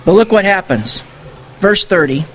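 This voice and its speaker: Male pastor, high voice, conversational sermon full of rhetorical questions. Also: animated, normal speed, slight background noise.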